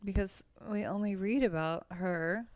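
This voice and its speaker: A woman's voice: mid-range voice, unhurried, darkish tone. A young woman co-hosting a casual book podcast, talking loosely with lots of fillers. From Los Angeles area. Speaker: podcast co-host. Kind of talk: casual chat.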